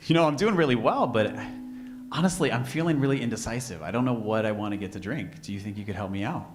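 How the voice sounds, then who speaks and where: A man's voice: medium pitch, fast, close to an everyday voice. A man voicing a polite, indecisive male anteater in a bar joke told to a live audience, with an eager, chatty manner.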